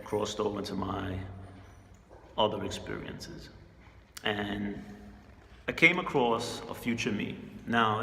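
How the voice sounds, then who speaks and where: A man's voice: on the low side, sharp tone, roomy sound, in a large hall, a little hiss or hum. A man casually telling a personal story in a laid-back, slangy way, chuckling often. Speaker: spiritual channel host.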